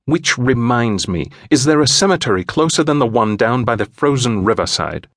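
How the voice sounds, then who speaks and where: A man voicing an anxious, pompous English gentleman with an English accent, formal and fretful in an audiobook. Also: medium pitch, animated, normal speed, no echo, clean studio sound, voice pushed up. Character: fussy, anxious English gentleman, short and balding.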